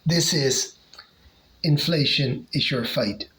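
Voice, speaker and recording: A comic collector casually showing off favorite covers, talking hesitantly with lots of pauses and restarts. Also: mid-range voice, fairly bright tone, rough recording. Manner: hesitant, many fillers and restarts.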